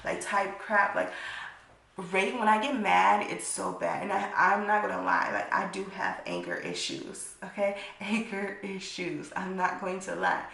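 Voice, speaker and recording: A woman's voice: mid-range voice, animated, unhurried, gravelly, fairly bright tone. A young adult woman vlogger telling a blunt, profane storytime and acting out the people in it. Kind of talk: storytime vlog. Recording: echoey room.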